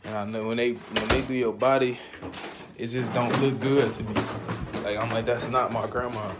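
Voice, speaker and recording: A man's voice: mid-range voice, fairly even intonation, moderate pace, very noisy. A young man vlogging an emotional personal confession, slangy and rambling as he holds back tears. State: close to tears. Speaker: family vlogger.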